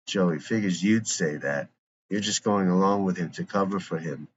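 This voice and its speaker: A blunt, grumbling middle-aged father who suspects everyone, as a man reads him. The voice sits very low, and the recording is dull and lo-fi with a faint hiss behind it. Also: moderate pace, close to an everyday voice. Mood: gruff. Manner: gruff, blunt.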